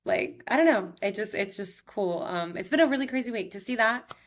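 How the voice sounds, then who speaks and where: A woman's voice: mid-range voice, expressive, fairly quick. A woman in her thirties hosting her own podcast, telling personal stories in a chatty, upbeat way full of "like" and "he's like". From Texas. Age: 30s. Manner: chatty, heavy use of "like", emotional and upbeat. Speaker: podcast host. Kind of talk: casual personal storytelling monologue.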